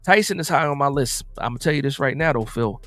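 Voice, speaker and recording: A man's voice: medium pitch, lively intonation, quick pace, fairly bright tone, faint music behind. A man hosting a casual football recap livestream, reading viewer comments and answering emphatically, often repeating himself for emphasis. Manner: conversational, emphatic, repeats phrases. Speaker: livestream host reading chat.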